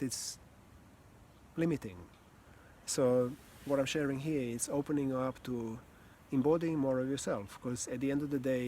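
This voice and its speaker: Over slight background noise, a communication and voice coach shares reflective teaching in a mid-range voice. He's calm and sincere, speaking slowly with pauses and now and then sighing or chuckling softly.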